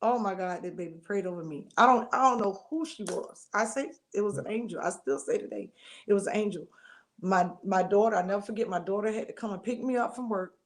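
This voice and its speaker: A middle-aged woman, telling a personal testimony as an interview guest, expressive and acting out the voices she quotes. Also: mid-range voice, fairly quick. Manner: expressive storytelling, acts out quoted voices, churchy endearments.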